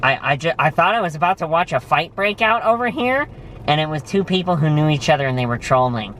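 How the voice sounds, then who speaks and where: Animated young man telling stories. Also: a little fast, slight background noise. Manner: animated storytelling, jumps high when excited. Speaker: vlogger. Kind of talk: casual chat. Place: restaurant, indoors.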